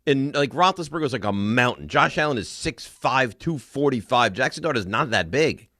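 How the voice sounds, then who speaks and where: A man's voice: mid-range voice, lively intonation, normal speed, pushed and bright, no room sound, studio quality. A man co-hosting a sports talk radio show, easygoing and teasing his partner. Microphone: studio mic.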